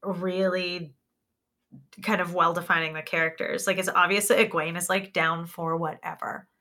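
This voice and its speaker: A woman's voice: fairly low pitch, flat delivery, normal speed, sharp tone. A woman co-hosting a podcast in casual chat, talking animatedly with lots of filler words. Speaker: podcast co-host.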